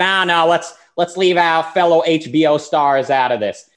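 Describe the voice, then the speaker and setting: Animated man hosting a political show. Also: a little high, moderate pace. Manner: animated, argumentative, mimics quoted people. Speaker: show host. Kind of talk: political commentary monologue.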